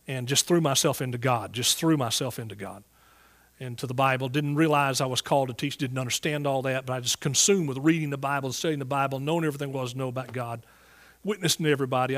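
A man's voice: mid-range voice, quick pace, fairly bright tone. A man with a Southern US accent telling his calling story as a Bible teacher, folksy and earnest, with restarts, to a church congregation. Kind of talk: sermon testimony. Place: church service before a congregation.

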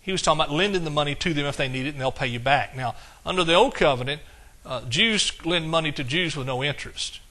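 A preacher from East Texas with the accent to match delivers a folksy sermon, breaking into exclamations as he quotes old-style scripture. His voice is bright and forceful and sits a little high for a middle-aged man. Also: fast. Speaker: pastor.

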